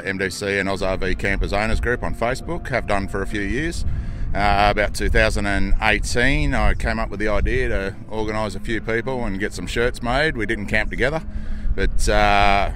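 A man's voice: on the low side, a bit bright. A man who organises a camper owners' group, talking plainly outdoors at a campsite. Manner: laid-back, plain-spoken.

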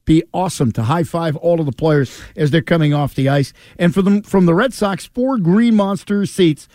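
A man's voice: on the high side, moderate pace, warm tone, no room sound. A man co-hosting a sports radio show, upbeat and ribbing, running through promos and auction items.

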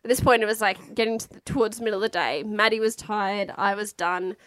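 A woman in her thirties tells a personal story in a relaxed, candid way, with plenty of fillers and casual swearing. Her voice sits at a middle pitch. The sound is close and dry. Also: a little fast, smooth, no room sound. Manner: frank, chatty, swears freely, lots of fillers. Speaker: mother telling her birth story.

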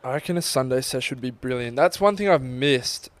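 A man's voice: medium pitch, lively intonation, fairly quick, no room sound. Chatty young man. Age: young adult. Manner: chatty, rambling, uses bloke and mate. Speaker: podcast co-host. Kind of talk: casual chat.

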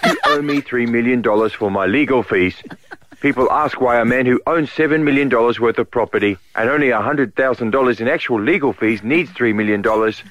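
A man's voice: mid-range voice, brisk, fairly bright tone, dull audio, natural voice. A man doing a smug, self-righteous celebrity scam caller. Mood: mock-solemn. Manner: mock-solemn and self-righteous. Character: smug male celebrity begging for money in a parody scam call. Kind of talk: comedy parody sketch.

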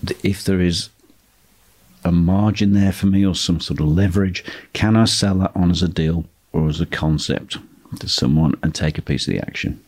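A man with a deep voice teaches property investment at a normal speed. He delivers a steady instructional monologue, repeating key phrases to drive his points home.

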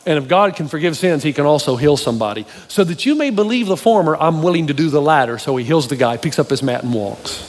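A man's voice: a little high, fast talker, hardly any pauses. Man preaching in a reverberant hall. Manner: storytelling preacher, animated, addresses the audience directly. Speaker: pastor. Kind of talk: sermon. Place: church hall with a live audience. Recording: reverberant hall, faint ambience.

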